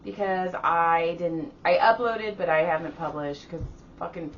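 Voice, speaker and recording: A woman's voice: lowish voice, a little slow, distant mic, lo-fi sound, slight background noise. A woman co-hosting a casual podcast from her garage, teasing her co-host and laughing often. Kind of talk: casual chat. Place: home garage.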